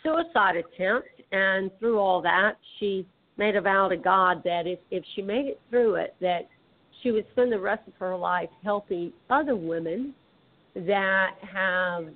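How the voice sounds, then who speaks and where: A woman with a Southern twang, a guest author talking casually with many restarts and fillers. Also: mid-range voice. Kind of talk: casual conversation. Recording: tinny phone line.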